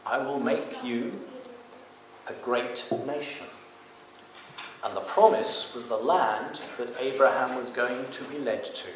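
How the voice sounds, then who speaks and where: A man's voice: mid-range voice, a little hiss or hum. A man preaching a sermon in a church. He reads scripture aloud with rising force. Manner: rises to loud emphatic reading of scripture. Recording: echoey church from a distance.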